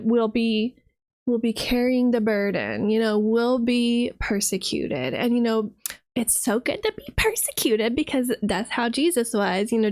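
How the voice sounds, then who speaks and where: A fired-up woman from the United States, ranting as a vtuber streamer with plenty of swearing and sarcasm. Her voice sits a little high, and the sound is dry and close with no room around it. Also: darkish tone, no echo. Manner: heated, profane, sarcastic. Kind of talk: reaction rant.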